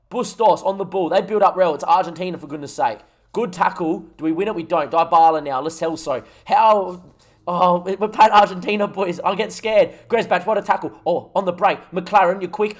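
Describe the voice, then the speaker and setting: Excitable Australian man commentating his game. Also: high-pitched, brisk. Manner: excitable, shouts at goals, talks to chat. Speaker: gaming streamer. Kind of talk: live commentary over a football management game.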